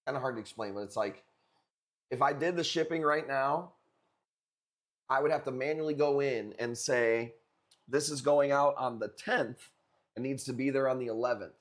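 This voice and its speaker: A young man hosting a live stream coral auction, chatting casually and cracking crude jokes with viewers. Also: medium pitch. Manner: joking, rambling, crude banter with chat.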